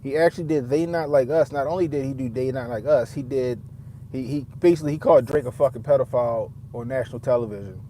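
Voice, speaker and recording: A man's voice: medium pitch, steady tone, fast talker, dark tone, slight background noise. A man giving a casual, profane commentary, rambling and often repeating himself as he restarts his thoughts. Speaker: father.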